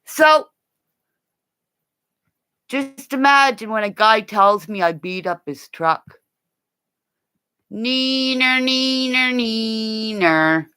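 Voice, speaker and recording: A woman ranting in a rambling, profane livestream, swinging between low growling threats and high shouting. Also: lively intonation, slow, pauses often, smooth.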